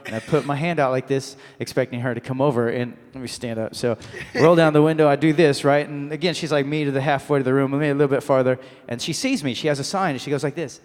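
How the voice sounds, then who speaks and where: Animated man telling a story in a big hall. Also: medium pitch, fast talker, hardly any pauses. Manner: animated storyteller, acts out voices, laughs mid-story. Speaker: convention panel guest. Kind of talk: comic anecdote to a live audience. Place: convention hall panel.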